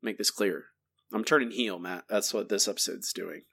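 A man co-hosting a podcast, ranting in an exasperated, animated way in casual chat. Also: on the low side, normal speed, creaky, husky. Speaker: podcast co-host.

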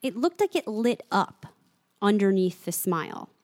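A woman co-hosting a casual podcast discussion, reading passages aloud in an animated way. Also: medium pitch, measured pace, no room sound, studio quality. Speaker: podcast co-host. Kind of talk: casual book and show discussion.

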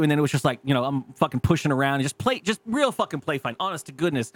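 Casual podcast co-host, man in his thirties, slightly high voice, profane storyteller, dry close mic. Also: expressive, racing, no room sound. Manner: profane storytelling, acts out quotes, laughs often. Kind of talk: casual chat.

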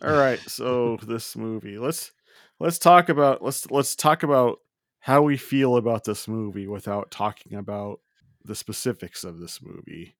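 A man co-hosting a podcast in casual chat, animated and jokey, often restarting his sentences. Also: medium pitch, unhurried, no room sound, studio quality. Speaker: podcast co-host.

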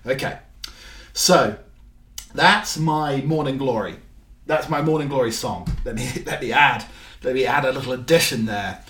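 A man's voice: mid-range voice, normal speed, long pauses, fairly bright tone, a little hiss or hum. A man hosting his own show in casual, rambling chat, joking and full of ums and restarts. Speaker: podcast host. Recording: roomy, distant mic, faint music.

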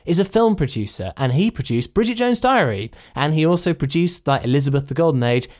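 A man's voice: on the high side, very animated, a little fast, a little mellow. A man hosting a film review podcast, talking in an enthusiastic, persuasive, rambling way. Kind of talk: casual film review chat.

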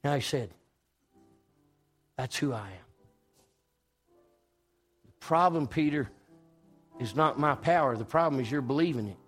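Preacher man, folksy storyteller, a bit high-voiced, church music faint behind. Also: brisk. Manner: folksy storytelling, swings between loud and hushed. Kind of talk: sermon.

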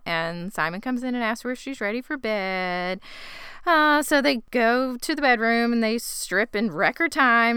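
A woman's voice: mid-range voice, pushed and bright, smooth, dry recording, studio quality. A woman co-hosting a podcast, recapping an episode in casual chat with wry, teasing remarks.

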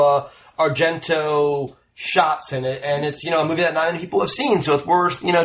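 A man's voice: a little high, slight background noise. A man casually discussing films on a podcast, rambling and enthusiastic, swearing now and then. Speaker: podcast co-host.

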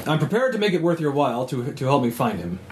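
A man's voice: medium pitch, big pitch swings, lightly acted. A proud, stately male cat of the royal guard, as a man puts him on, speaking in stiff, formal tones with a rising and falling lilt. Faint noise hums behind him. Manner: stiff, formal, halting speech.

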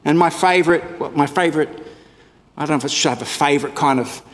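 A man's voice: fairly high pitch, fast, long reverb tail. A male pastor preaching a sermon in a conversational way, with wry asides to his congregation.

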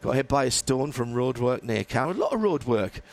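A man's voice: mid-range voice, very animated, brisk. A man hosting a motorsport radio podcast in casual chat, rambling through his points with fillers and restarts. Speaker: host.

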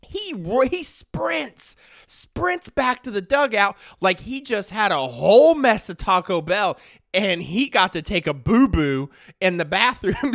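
A man delivering a casual sports rant with a lively, swooping delivery. He peppers his talk with slang and keeps checking in with the listener. The sound is dry and close, with no room in it. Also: high-pitched, no echo. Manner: animated, slangy, peppered with "right?" and "dude"; opinionated, ranting. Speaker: sports commentator.

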